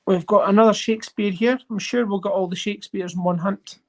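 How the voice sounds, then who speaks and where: A host chatting casually on a livestream while sorting coins, rambling and getting excited over finds. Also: medium pitch, fairly quick, hardly any pauses, slight background noise. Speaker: coin collecting channel host.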